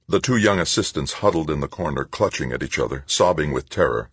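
A man reading an audiobook in steady, measured scripted narration. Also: rumbling low, breathy edge, no room sound.

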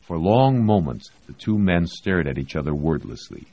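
A man narrating an audiobook in a measured, expressive storytelling manner, on a dull lo-fi recording. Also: deep voice. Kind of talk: scripted narration.

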